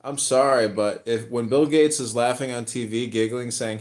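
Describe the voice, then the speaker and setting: A man's voice: medium pitch, moderate pace, hardly any pauses, a little mellow. A man running for office who talks about his campaign in an earnest, pointed way during a casual online chat. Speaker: political candidate hosting an online voice room.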